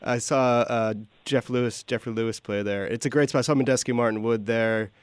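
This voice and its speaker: A man's voice: medium pitch, fairly even intonation, a little fast, smooth, dry recording. A man co-hosting a podcast, chatting in an easygoing way and often trailing off. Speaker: podcast co-host. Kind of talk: casual interview chat.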